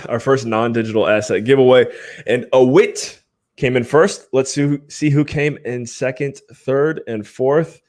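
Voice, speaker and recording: A man's voice: mid-range voice, steady tone, measured pace, darkish tone. A man hosting a live podcast stream, chatting casually in an upbeat way and laughing often. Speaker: podcast host.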